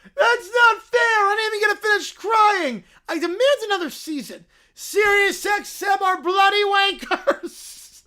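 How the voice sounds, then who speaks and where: A man voicing a bratty, demanding little girl who hosts a radio show and throws shouting tantrums. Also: very high voice, animated, moderate pace, pitched above the performer's own voice, heavily acted. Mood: wailing. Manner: screeching, whining, tantrum insults. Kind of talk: comedic sketch reading on a livestream.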